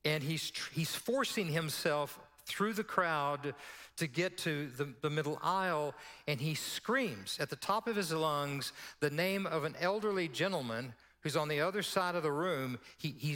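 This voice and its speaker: A man's voice: a little high, expressive, a little slow, pushed and bright. A male pastor telling a story in a sermon, acting out the dialogue as he goes. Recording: long hall reverb.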